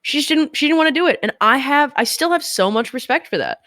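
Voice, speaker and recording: A woman's voice: high voice, animated, fast talker, a bit bright, dry recording, studio quality. A woman streamer chatting candidly as an interview guest, rambling a little and laughing often. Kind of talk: casual interview chat.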